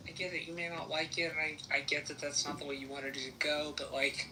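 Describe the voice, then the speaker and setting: A man's voice: fairly high pitch, fairly even intonation, fast, hardly any pauses, bright, forceful tone. Man in casual chat, blunt and irritated manner, recorded from a distance with faint hiss. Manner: blunt, frustrated, swears.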